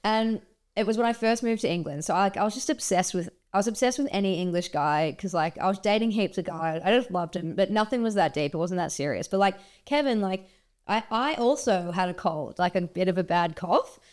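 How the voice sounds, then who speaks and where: An Australian woman hosts a podcast, chatting casually. She tells stories in an animated way and laughs often. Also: mid-range voice, a little fast. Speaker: podcast host. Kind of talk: casual chat.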